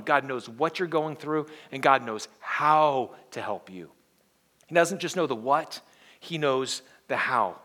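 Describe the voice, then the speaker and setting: With a medium-pitched, expressive voice, a male pastor delivers an earnest sermon at an unhurried pace. He shifts between hushed and emphatic tones and leads the congregation in call-and-response.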